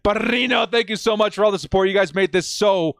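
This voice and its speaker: Pumped-up guy on a live stream yelling and whooping, high gravelly voice, dry close mic. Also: fast, no echo. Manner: hyped, shouting and whooping. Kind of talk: excited live-stream reaction.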